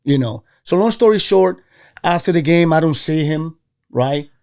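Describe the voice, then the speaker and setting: A man from Venezuela, a former baseball player, telling stories in a casual interview, animated and acting out the voices of others. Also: normal speed. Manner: animated, acts out quoted voices with jumps in pitch. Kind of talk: casual storytelling.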